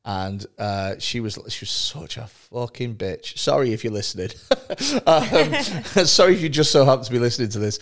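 A man's voice: medium pitch, animated, normal speed. A man in casual podcast chat who tells blunt, sweary, jokey stories.

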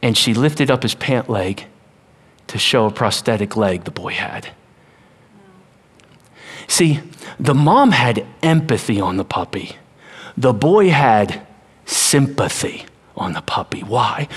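A man preaching a sermon as pastor, animated, acting out voices and dropping to a hush at times. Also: mid-range voice, slow, breathy edge.

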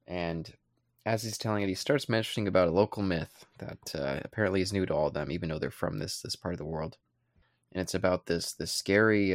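Deep gravelly man, podcast co-host. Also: brisk, no echo, clean studio sound. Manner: relaxed and rambling, with playful asides. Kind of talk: casual chat recapping a comic.

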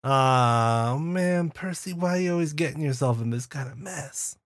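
A man's voice: fairly high pitch, normal speed, dry recording, clean studio sound. A man playing a tabletop role-playing game, laid-back, laughing often. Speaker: player.

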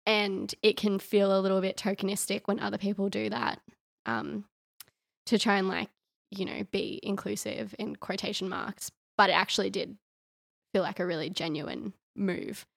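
Female co-host, mid pitch, heavy vocal fry, earnest and thoughtful. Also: fairly even intonation, normal speed. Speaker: podcast co-host. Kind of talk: casual chat.

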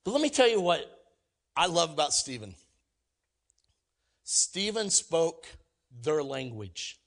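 A male pastor delivers a sermon in a high-pitched, bright, ringing voice. He speaks energetically but at a slow, sing-song pace, acting out quoted lines and shifting between loud, emphatic peaks and quiet asides.

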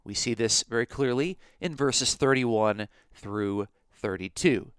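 A man's voice: mid-range voice, a little slow, clear, resonant tone, no echo, clean studio sound. A man teaching a podcast Bible lesson, explaining his points methodically and step by step.

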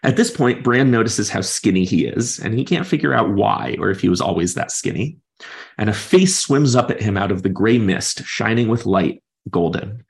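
A man's voice: on the low side, expressive, moderate pace, gravelly. A man hosting a podcast, thoughtfully discussing a book and retelling its chapters at length in his own words. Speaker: podcast host.

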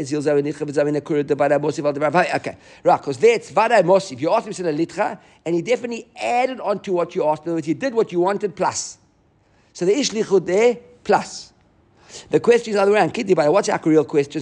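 A man teaching a Talmud class, explaining the text quickly and animatedly, mixing in Hebrew and Aramaic terms. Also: high-pitched, darkish tone.

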